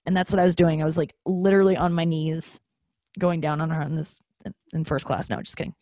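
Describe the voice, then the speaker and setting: A woman's voice: low voice, fairly even intonation, quick pace, dark tone, dry recording. Rambling, candid woman podcast host. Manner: rambling, with many fillers and restarts; candid and self-mocking. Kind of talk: casual confessional monologue.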